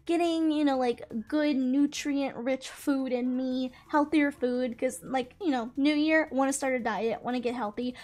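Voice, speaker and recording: A young woman YouTuber telling a story to the camera in a casual, chatty way, laughing as she goes. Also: high voice. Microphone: camera mic, close to the camera.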